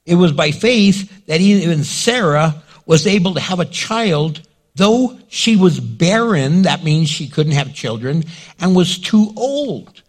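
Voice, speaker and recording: Animated, slow-preaching male pastor. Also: high voice. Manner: dramatic, acts out scenes and quotes. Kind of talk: sermon.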